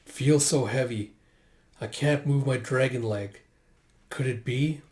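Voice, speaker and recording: A man's voice: mid-range voice, slow, darkish tone, echoey room, a little hiss or hum, close to an everyday voice. A man reading aloud as a cruel, bitter aging male dragon warrior from a comic, with a sneering manner. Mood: desperate.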